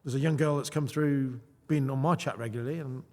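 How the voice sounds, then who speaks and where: A man from a prop trading firm, chiming in quickly and upbeat in a casual roundtable chat. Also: mid-range voice, fairly even intonation, warm tone, long reverb tail.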